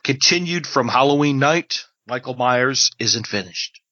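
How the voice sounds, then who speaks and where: A man co-hosting a podcast in casual chat, animated and quick to laugh. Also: medium pitch, no echo. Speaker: podcast co-host. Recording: dry, dull lo-fi podcast audio.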